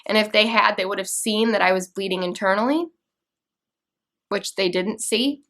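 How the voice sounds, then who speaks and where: A young woman telling a personal story to camera, earnest and halting, with restarts and fillers. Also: mid-range voice, a bit bright. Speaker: vlogger.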